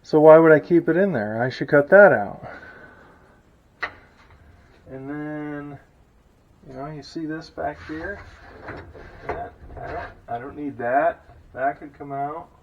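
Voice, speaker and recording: Casting: talkative, self-deprecating man, slightly higher voice, muffled shop recording with faint noise. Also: slow, pauses often. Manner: chatty, self-deprecating, thinks out loud. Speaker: hot rod builder and channel host. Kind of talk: casual shop vlog narration. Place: home workshop, hot day.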